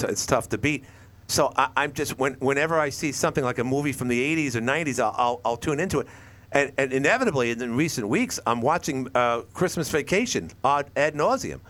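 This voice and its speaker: A man hosting a call-in radio talk show, rambling and animated as he acts out lines from shows. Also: mid-range voice.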